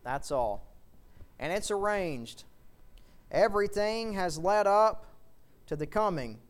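A male preacher delivering a fervent sermon, building to loud shouts at the peaks. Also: sits high, lively intonation, slow.

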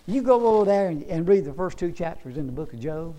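A man preaching a sermon, swinging between loud emphatic bursts and quiet asides. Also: a little high, expressive, quick pace, few pauses, low-quality recording.

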